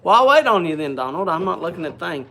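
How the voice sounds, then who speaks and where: A man's voice: high voice, big pitch swings, quick pace, pushed and bright. A man hosting a casual livestream, chatting and greeting viewers by name. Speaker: livestream host. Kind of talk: casual chat.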